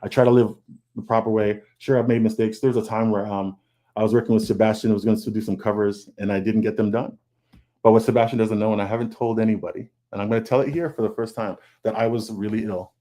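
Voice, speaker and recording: A man's voice: on the low side, fairly even intonation, quick pace, warm tone. A man, a comic book artist, speaking in a casual, candid panel talk over a video call. He is earnest, restarts often, repeats words and acts out his own thoughts. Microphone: video call mic.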